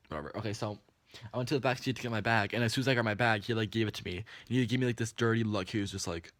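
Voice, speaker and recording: Fast-talking man telling an animated story. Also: on the low side, dry recording. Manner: animated, swears often, many "like" fillers. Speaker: vlogger. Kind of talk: storytime vlog.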